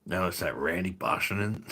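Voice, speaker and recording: A man's voice: low voice, sharp tone, husky. A man hosting a casual online livestream, swearing freely and bantering with viewers he greets by name. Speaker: livestream host.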